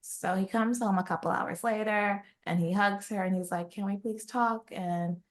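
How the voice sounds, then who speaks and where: A woman's voice: mid-range voice, normal speed. A woman co-hosting a podcast, recapping a romance novel in casual chat and acting out the characters' lines. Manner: animated retelling, acts out quoted lines. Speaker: podcast co-host.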